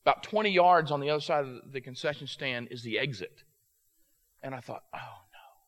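A man giving a storytelling sermon, animated and prone to quick restarts. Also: mid-range voice. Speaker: youth ministry speaker.

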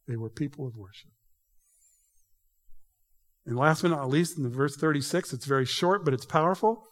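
A man's voice: a little high, moderate pace, long pauses, fairly bright tone. Guy preaching a sermon, chatty and emphatic, big echoey church sound. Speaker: pastor. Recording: reverberant hall.

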